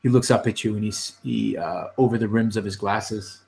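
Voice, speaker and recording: Man narrating as game master, fairly low. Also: a little mellow, low-quality recording. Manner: unhurried, with many fillers.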